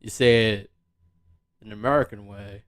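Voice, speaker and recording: A man from Malaysia with a Malaysian English accent, hosting a podcast in a relaxed, self-deprecating way. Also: lowish voice, moderate pace, clear, resonant tone. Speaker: podcast host. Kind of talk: casual podcast chat.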